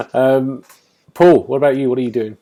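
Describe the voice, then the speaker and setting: A man hosting a casual gaming podcast, bubbly and quick to laugh as he moves the conversation along. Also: mid-range voice, warm tone. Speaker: podcast host.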